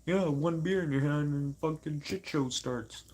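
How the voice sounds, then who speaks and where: A man from Manitoba venting in a casual, unscripted talk to camera, swearing a lot and swinging from loud outbursts to low mutters. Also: measured pace, background noise. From Manitoba, Canada. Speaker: vlogger.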